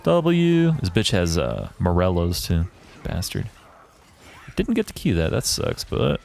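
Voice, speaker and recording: Brief: gamer guy reviewing his match, analytical but foul-mouthed, pitch swings a lot as he talks. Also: very animated, a little slow, a little mellow. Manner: profane, ranting, self-assured. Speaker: gaming YouTuber reviewing his own match. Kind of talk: casual gameplay commentary.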